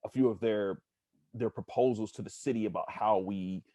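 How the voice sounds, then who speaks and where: A man from Pittsburgh, a sports journalist, talking earnestly as a podcast guest, halting and searching for words. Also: on the low side, warm tone, no echo. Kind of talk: casual interview storytelling.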